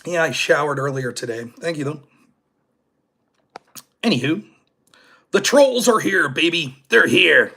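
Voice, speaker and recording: Animated, sarcastic male political host. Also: a little high, a little slow, long pauses, husky. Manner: animated and sarcastic, mocking opponents; chats with live chat readers. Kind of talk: casual political commentary stream.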